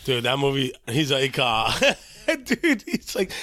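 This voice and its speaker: A man's voice: medium pitch, wildly swooping pitch, a little slow, pushed and bright, no room sound. A man co-hosting a podcast, chatting casually and swearing while retelling movie scenes. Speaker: podcast co-host. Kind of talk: casual chat.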